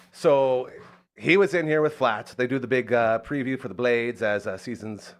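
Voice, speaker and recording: A man from Saskatchewan hosting a podcast, telling a story in casual chat and acting out quotes in a high excited voice. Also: normal speed. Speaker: podcast host.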